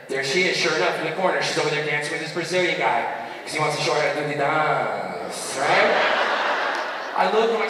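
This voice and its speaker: A young man from the United States performing stand-up comedy, animated and punchy, asking the crowd for agreement. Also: on the high side, a little fast. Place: large theater stage. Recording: echoey theater from far off, loud audience.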